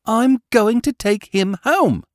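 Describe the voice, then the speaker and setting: A man voicing a well-dressed small boy who insists on keeping a dog, in a high childlike tone. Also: very animated, moderate pace, darkish tone, no room sound, studio quality. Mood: insistent. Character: small rich boy, stubborn and tearful.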